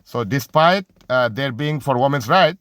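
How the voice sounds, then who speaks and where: A man's voice: mid-range voice, lively intonation, fairly bright tone, clean tone, no room sound. A man giving an unscripted, impassioned monologue about religion and society, often stopping to search for words and restarting his sentences. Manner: halting, searches for words, many restarts and fillers; impassioned, argumentative.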